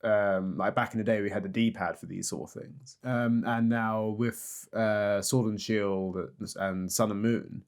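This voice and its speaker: A man co-hosting a podcast in loose, casual chat. He talks in a lively way, laughs easily and throws in the odd swear word. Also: on the low side, a little slow, hardly any pauses. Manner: laughs often, swears, animated. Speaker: podcast co-host.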